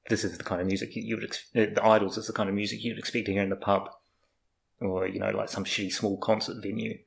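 A man's voice: on the low side, level tone, fast talker, vocal fry, slight background noise, rough recording. A young man from New Zealand in casual, rambling chat, swearing freely as he talks about life abroad.

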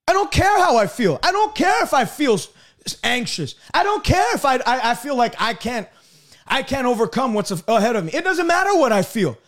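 A man preaching a fervent broadcast sermon, repeating words and breaking into bursts of shouting. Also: very high-pitched, very animated, fairly quick.

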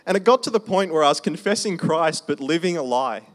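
A man's voice: on the high side, animated. Man preaching a personal testimony. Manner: conversational storytelling, slowing for emphasis. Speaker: preacher sharing his testimony. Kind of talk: testimony sermon.

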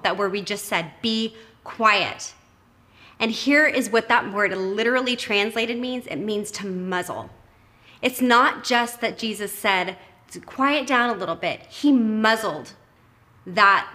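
A woman from Texas, preaching a sermon with enthusiasm and emphasis, sometimes dropping to a hushed tone. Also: medium pitch. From Texas, United States. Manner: enthusiastic, emphatic, drops to soft hushed tones.

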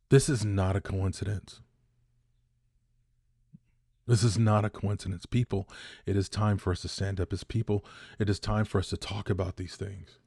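A man's voice: sits low, vocal fry, darkish tone, husky, no room sound, clean studio sound. A man in his fifties hosting a podcast, delivering a heated opinion monologue that repeats points for emphasis. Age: 50s. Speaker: podcast host.

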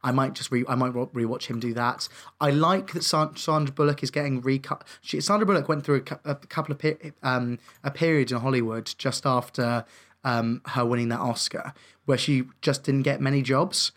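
A man's voice: medium pitch, fairly even intonation, a little fast, a bit bright. A young man co-hosting a casual film review chat, hesitant and full of fillers and restarts, but enthusiastic. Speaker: film review podcast co-host.

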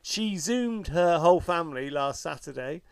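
A man's voice: a little high, expressive, moderate pace, creaky, clean tone, dry recording. A middle-aged man, a podcast co-host, telling stories in a wry, self-mocking way and swearing freely in casual chat.

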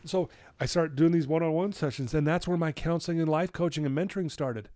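A middle-aged man, a podcast guest telling his story in an animated way and acting out his own quoted lines. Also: on the high side, a little fast, no echo. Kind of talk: storytelling in a conversational interview.

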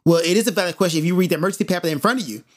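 A man mimicking a curt, irritated woman flight attendant, speaking fast and clipped. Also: high-pitched, big pitch swings, bright, forceful tone, husky, exaggerated voice. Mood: dismissive.

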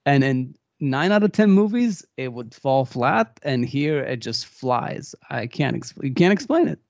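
A man co-hosting a movie podcast, telling a behind-the-scenes story in a rambling, animated way with many restarts. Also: medium pitch, measured pace, vocal fry, no room sound. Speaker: podcast co-host. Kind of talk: casual movie discussion.

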